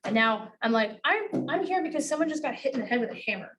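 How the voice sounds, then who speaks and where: Woman teaching agents how to negotiate, kinda high voice, cusses a lot, mic sits far off. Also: lively intonation, quick pace, a bit bright, slight background noise. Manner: blunt, swears freely, acts out dialogue. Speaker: real estate negotiation trainer. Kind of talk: classroom talk to agents. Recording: voice from a distance.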